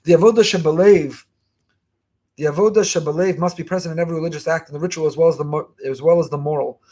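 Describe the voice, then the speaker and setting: A man giving a fast, emphatic Torah lesson as a rabbi, repeating key phrases. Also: fairly high pitch, steady tone, a little mellow. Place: online class.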